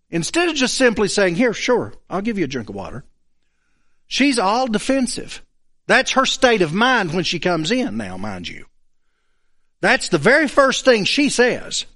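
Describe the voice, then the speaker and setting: A man preaching a sermon, acting out the quoted speakers as he goes. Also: sits high. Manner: animated, acts out the quoted speakers.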